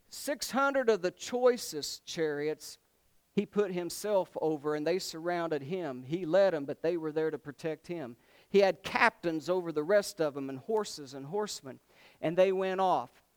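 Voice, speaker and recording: A man's voice: sits high, a little slow, darkish tone, clear, resonant tone. A male preacher, giving a conversational sermon and asking the congregation questions.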